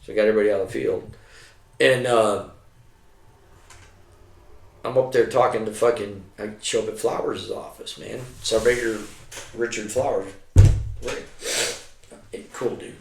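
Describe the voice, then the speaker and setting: A man's voice: on the low side, steady tone, normal speed, vocal fry, long pauses, slight background noise. An older man, a retired soldier, telling rambling, profane war stories in a casual chat. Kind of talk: casual storytelling. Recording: roomy, distant from the mic.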